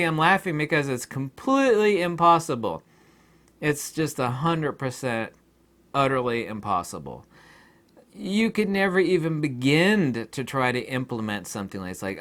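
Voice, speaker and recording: A man's voice: mid-range voice, big pitch swings, moderate pace, a bit bright. A man hosting his own channel, talking in a rambling casual monologue, often laughing and acting out imagined exchanges. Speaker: YouTube channel host.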